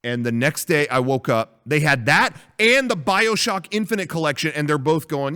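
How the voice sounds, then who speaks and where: Animated rambling podcast storyteller man. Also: on the high side, normal speed. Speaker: podcast co-host. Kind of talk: casual podcast chat.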